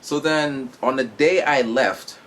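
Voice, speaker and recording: A young man casually telling a personal story, animated, acting out other people's voices. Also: medium pitch, slow, a little hiss or hum. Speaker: vlogger telling his story.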